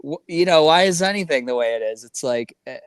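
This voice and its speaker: A man talking as a guest in a casual conversation, an animated and rambling storyteller. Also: on the high side, a little fast, clear, resonant tone, no room sound, studio quality. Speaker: podcast guest.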